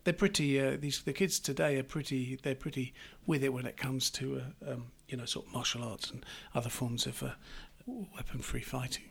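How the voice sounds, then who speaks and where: A man's voice: mid-range voice, little pitch movement, moderate pace, vocal fry, few pauses, breathy edge. A middle-aged man chatting casually, telling rambling anecdotes with restarts and laughter. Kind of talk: casual chat.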